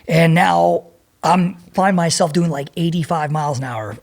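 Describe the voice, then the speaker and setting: A middle-aged man telling a profane, animated story as a podcast guest and acting out the people in it. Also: fairly high pitch, moderate pace, creaky. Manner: profane, animated, acts out voices in his anecdote. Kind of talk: storytelling in a casual interview.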